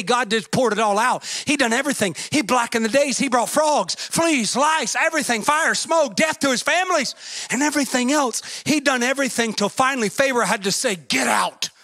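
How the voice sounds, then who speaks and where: A man preaching a fervent sermon, swinging between shouts and a singsong cadence and acting out the voices in his stories. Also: extremely high pitch, dry recording. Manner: acts out story voices, folksy grammar.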